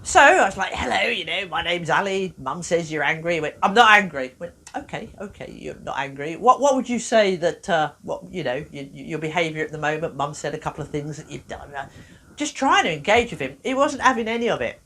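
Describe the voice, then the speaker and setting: A woman talks to a workshop audience as a therapist and trainer. She tells her stories with lots of energy and acts out the dialogue. Her pitch rises and falls widely from moment to moment. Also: fairly quick, husky. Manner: lively storyteller, acts out dialogue. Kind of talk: animated talk to an audience.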